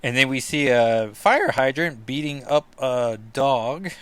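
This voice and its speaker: A man's voice: medium pitch, lively intonation, takes it slowly, few pauses, a bit bright, smooth. A man hosting a comic book podcast, giving casual, rambling commentary with jokey asides.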